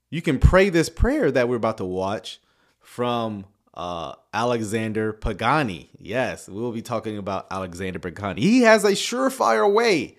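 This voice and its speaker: Sarcastic man with a lively voice. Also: medium pitch. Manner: sarcastic, chuckling asides. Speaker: video commentator. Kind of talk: reaction commentary.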